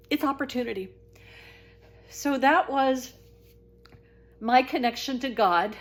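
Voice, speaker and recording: An animated woman with a fairly high voice tells her personal story straight to the camera. She talks earnestly and in a chatty way, restarting her sentences as she goes. Her delivery is expressive and swings upward as she gets caught up in it. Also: normal speed, long pauses. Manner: animated and expressive, voice rising high when excited; earnest, talkative, with frequent restarts. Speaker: author telling her own story. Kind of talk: casual spiritual storytelling monologue.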